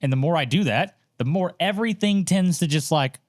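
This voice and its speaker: A man chatting casually as a podcast co-host, swearing freely and telling animated stories with mocking quoted voices. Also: on the high side, brisk, no echo, clean studio sound. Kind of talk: casual chat.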